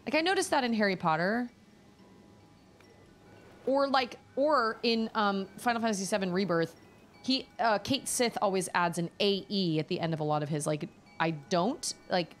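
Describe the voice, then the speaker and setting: A young woman streaming a video game, chatting casually and thinking out loud as she plays. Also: mid-range voice. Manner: chatty, musing aloud, reading chat. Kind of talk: casual gameplay commentary.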